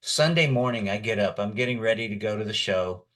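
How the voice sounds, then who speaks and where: A man's voice: lowish voice, expressive, brisk, a bit bright. A middle-aged man, a voice actor and guest, telling long rambling stories in a casual interview chat. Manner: rambling storyteller.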